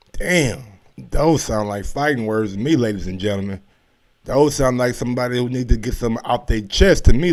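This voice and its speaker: A man's voice: medium pitch, a little mellow. A man hosting a casual sports commentary show, talking in a laid-back, slangy way with lots of fillers and restarts.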